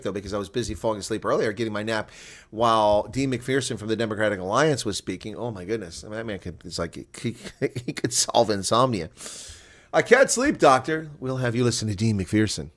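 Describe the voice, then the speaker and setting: A man's voice: on the low side, fast talker. A man hosting a casual live rugby watch-along, chatting loosely, laughing often and reading viewer comments aloud.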